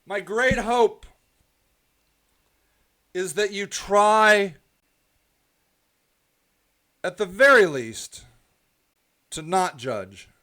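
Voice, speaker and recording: A man hosting his own live stream, delivering a heated, repetitive monologue that drifts into soft rambling. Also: high voice, expressive, very slow, long pauses. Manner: preachy, repetitive, ranting then softly rambling. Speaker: host of a live stream show.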